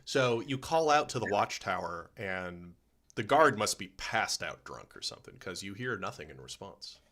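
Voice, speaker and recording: A man with a somewhat low voice acts as game master for a tabletop game. He narrates in a relaxed, easygoing way, often pausing to restart a phrase.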